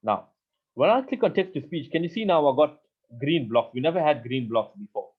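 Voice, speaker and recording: A man's voice: on the high side, animated, fairly quick, slightly rough. A man teaches a live online coding lesson, explaining patiently step by step and often repeating himself. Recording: tinny phone-like audio.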